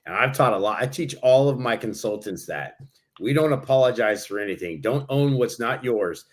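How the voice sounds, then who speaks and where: A man co-hosts a podcast, laying out advice in a calm, explanatory, coaching manner. His voice sits at an ordinary middle pitch. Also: moderate pace. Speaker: podcast co-host and consultant trainer. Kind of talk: casual podcast chat.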